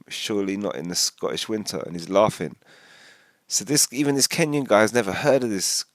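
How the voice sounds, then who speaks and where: A man rambling casually through a commentary video, animated and full of restarts. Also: on the low side, dry recording, clean studio sound.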